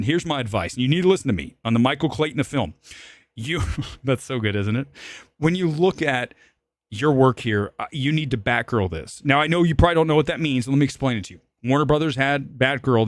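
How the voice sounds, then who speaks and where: A man hosting a live-stream movie show, ranting animatedly with swearing and sudden loud, high-pitched outbursts. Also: lively intonation, a little fast, no echo. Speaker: film critic and show host.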